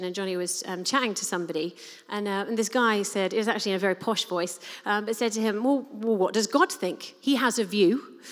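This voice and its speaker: A woman giving a sermon in an earnest, conversational way with frequent "um" fillers. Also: medium pitch. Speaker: preacher. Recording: reverberant hall.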